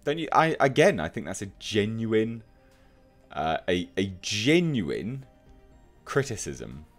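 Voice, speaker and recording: A man with a fairly low voice delivers opinionated commentary for an online video. He reads out comments and mocks them, emphatic and scornful. Faint music sits quietly under his voice. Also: big pitch swings, slow. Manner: mocking, emphatic, laughs at commenters. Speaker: commentary youtuber.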